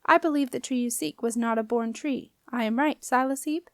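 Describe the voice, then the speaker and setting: A woman voicing a wise, calm old witch mother who talks slowly and cryptically in a storybook reading. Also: on the high side, no echo, clean studio sound. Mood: solemn. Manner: slow, solemn, cryptic speech.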